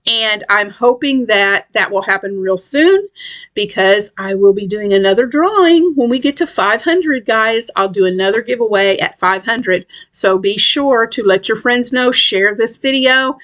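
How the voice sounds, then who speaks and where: A woman's voice: fairly high pitch, animated, measured pace, a bit bright. A middle-aged woman from West Tennessee, chatting casually about her crochet projects and rambling with lots of ums and restarts. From West Tennessee, USA. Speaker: crochet channel host. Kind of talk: casual craft vlog chat.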